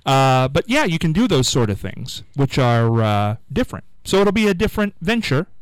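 A man's voice: mid-range voice, big pitch swings, moderate pace, clear, resonant tone, no room sound, poor audio. A man hosting a live radio show, chatting casually and teasing his co-host. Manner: joking, teasing banter.

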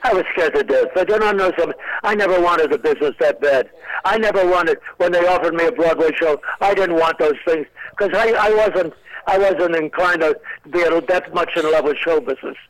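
An older man, a comedian guest on a radio talk show, telling rambling anecdotes with deadpan punchlines. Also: on the high side, fairly quick, low-quality recording. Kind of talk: storytelling interview chat.

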